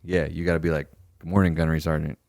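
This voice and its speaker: A man's voice: rumbling low, rapid-fire, gravelly, no room sound, studio quality. A young man co-hosting a podcast, telling stories in casual chat, swearing freely and acting out the people he quotes. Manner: animated storyteller, swears freely, acts out quoted superiors. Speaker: podcast co-host.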